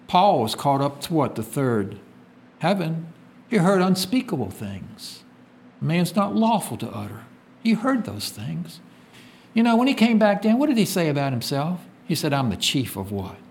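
Lively-pitched preacher man. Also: moderate pace, vocal fry. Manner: call-and-response questions, reads scripture aloud; swings from loud emphatic peaks to quiet low drops. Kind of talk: sermon.

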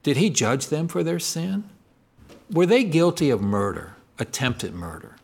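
Preacher guy, voice goes way up and down, throws questions at the crowd, loud then quiet. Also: very animated, measured pace, vocal fry, breathy edge. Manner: asks the congregation call-and-response questions; swings between loud emphatic lines and low quiet ones. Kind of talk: sermon.

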